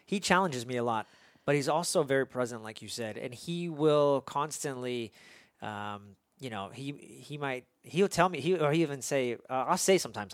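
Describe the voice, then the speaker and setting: A man in his thirties hosts the conversation, talking in an earnest, rambling way with frequent restarts. His voice sits at a middle pitch. The sound is dry, with no room echo. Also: normal speed. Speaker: podcast host and father. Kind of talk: conversational interview.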